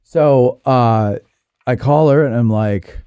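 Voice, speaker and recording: A man hosting a podcast, chatting casually and telling a rambling, animated story. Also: mid-range voice, slow pace, clear, resonant tone, no room sound, studio quality. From New Jersey. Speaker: podcast host. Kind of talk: casual chat.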